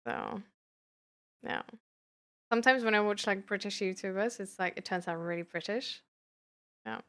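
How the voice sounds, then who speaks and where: A young German woman with a light accent chats casually with her live-stream audience, giggling often and responding to the chat. Her mid-range voice is fairly bright and moves at a normal speed.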